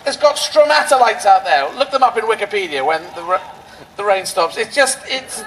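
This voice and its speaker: Male stand-up comic, high voice with gravelly fry, rambling absurdist riffs, outdoor rally stage mic. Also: normal speed, a bit bright, slight background noise, rough recording. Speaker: stand-up comedian. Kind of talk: stand-up comedy routine.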